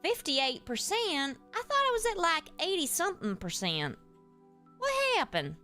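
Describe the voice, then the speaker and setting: A woman's voice: very high-pitched, wildly swooping pitch, unhurried, sharp tone, faint music behind, heavily acted. A woman voicing a folksy, easygoing streamer character with a Southern accent, chatting with viewers while she plays. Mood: chatty. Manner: folksy, addresses chat as y'all. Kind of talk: live stream chat while playing.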